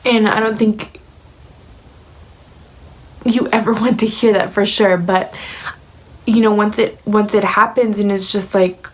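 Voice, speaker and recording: A woman's voice: medium pitch, fairly even intonation, measured pace, long pauses, low-quality recording. A young woman in her twenties giving a personal life update, talking emotionally with lots of "like" and "um". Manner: emotional, heavy filler words like "like" and "um". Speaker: vlogger.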